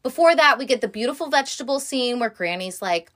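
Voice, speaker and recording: A woman's voice: on the high side, brisk, few pauses, fairly bright tone. Chatty woman retelling a film, swearing freely. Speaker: movie recap vlogger.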